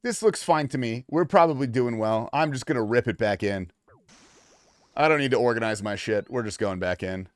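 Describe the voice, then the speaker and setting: A man's voice: mid-range voice, moderate pace, no room sound, studio quality. A man streaming a video game, chatting casually and swearing as he reacts to the game and his chat. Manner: loose and profane, reacting to gameplay and chat; shifts between mumbling asides and excited outbursts. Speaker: livestreamer. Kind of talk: casual gaming livestream chat.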